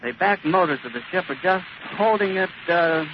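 A radio reporter outdoors on an airfield, giving sweeping, vivid live eyewitness commentary. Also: male voice, high voice, expressive, normal speed. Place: airfield outdoors beside a hangar. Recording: scratchy, muffled 1930s archival recording.

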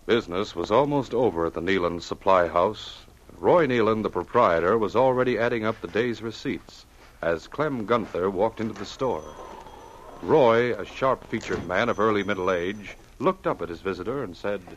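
Male narrator, low and measured, old radio with faint hiss. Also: expressive, muffled recording. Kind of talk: scripted drama narration.

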